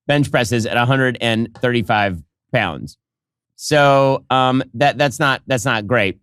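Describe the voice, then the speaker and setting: A man's voice: mid-range voice, slow, a bit bright, clear, resonant tone, no room sound. Role: commentator. Sex: man. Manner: wry, dry remarks, dry sound. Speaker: commentator in a played clip. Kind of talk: casual commentary on a clip.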